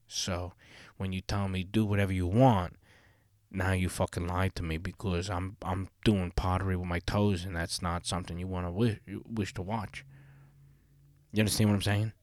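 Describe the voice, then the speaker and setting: A man's voice: low-pitched, level tone, moderate pace, no room sound, studio quality. A man hosting his own solo podcast, talking casually in a rambling, profane way with many fillers. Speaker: podcast host.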